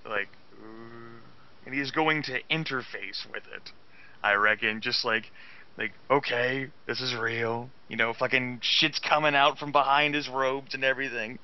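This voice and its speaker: A man's voice: medium pitch, normal speed, clean tone. A man playing a tabletop game, casually rambling as he describes his character. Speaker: player. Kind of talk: tabletop role-play chat. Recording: dull lo-fi voice chat.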